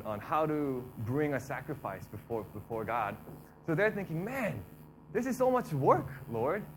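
A man giving a casual, conversational sermon, talking through the text in a relaxed way and often repeating himself. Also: medium pitch, a little hiss or hum, poor audio. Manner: relaxed, repeats himself, acts out complaining voices. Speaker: preacher.

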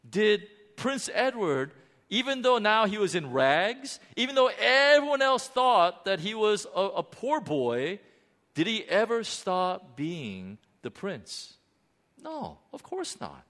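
A man preaching a sermon with animated emphasis, dramatic pauses and frequent restarts. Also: a little high. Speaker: pastor. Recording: long hall reverb.

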